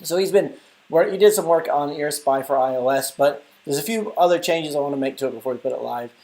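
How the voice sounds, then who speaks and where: A man's voice: on the high side, quick pace, a little mellow. Chatty man hosting a live stream. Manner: chatty, rambling, answers viewer comments. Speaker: live stream host and app developer. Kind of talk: casual live stream chat.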